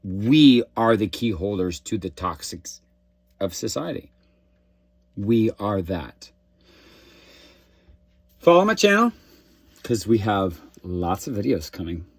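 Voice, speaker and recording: A man delivering a preachy, deliberate message to camera with calls to action. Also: on the low side, a little mellow, breathy edge, no room sound. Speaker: social media creator.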